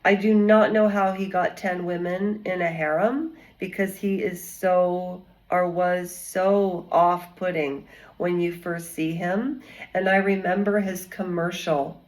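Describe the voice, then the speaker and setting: A woman's voice: fairly low pitch, steady tone, takes it slowly, a little mellow, poor audio. A woman vlogger giving casual commentary in a rambling, chatty way with many digressions.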